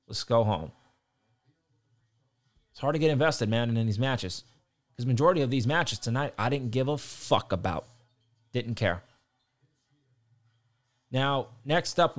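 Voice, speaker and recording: A young man ranting heatedly about wrestling, swearing often and repeating himself as he gets worked up. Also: mid-range voice. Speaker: wrestling commentator. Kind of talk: heated casual rant.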